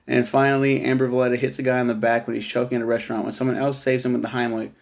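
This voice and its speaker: A man's voice: mid-range voice, little pitch movement, racing, vocal fry. A man casually reviewing a TV show in a rambling, profane monologue, laughing at his own jokes.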